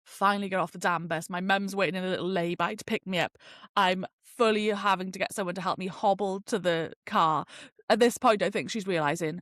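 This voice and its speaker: A woman's voice: fairly low pitch, a little fast, no room sound. Chatty young British woman, dry sound. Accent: British English. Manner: chatty and animated, full of fillers and swearing. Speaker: podcast host. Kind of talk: casual storytelling.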